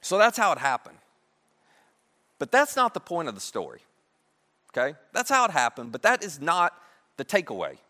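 A man's voice: a little high, wildly swooping pitch, normal speed, long pauses, sharp tone. A man preaching a sermon, telling the story in a conversational, humorous way. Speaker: pastor. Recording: echoey hall.

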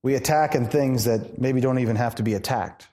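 A man pastor preaching a sermon in an animated, conversational way, asking the congregation questions. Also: mid-range voice, a little fast. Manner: animated, conversational, acts out quoted voices.

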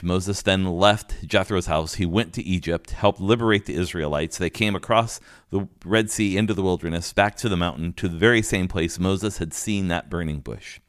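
Male pastor, deep low voice, explanatory sermon delivery, dry close sound. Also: no room sound. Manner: teaching, explanatory, with restarts and fillers.

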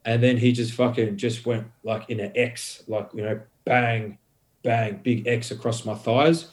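A man's voice: medium pitch, unhurried. A man, a podcast guest telling a long story in casual talk, swearing a lot and rambling with many fillers. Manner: swears heavily, rambling and animated.

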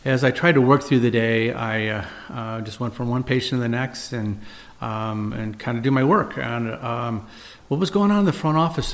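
Middle-aged male host, mid-range voice, earnest and measured as he tells a story. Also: medium pitch. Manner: earnest, measured, with frequent uhs and restarts. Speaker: physician and podcast host. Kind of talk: personal storytelling monologue.

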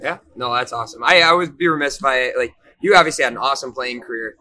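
Male host, mid pitch, upbeat and chatty, casual interview questions. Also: quick pace, bright, forceful tone. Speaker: podcast host.

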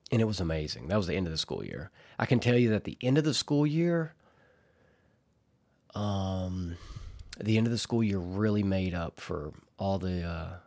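Chatty man, fairly low voice. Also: gravelly. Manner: chatty, rambling, often laughing at himself. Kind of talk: casual solo podcast storytelling.

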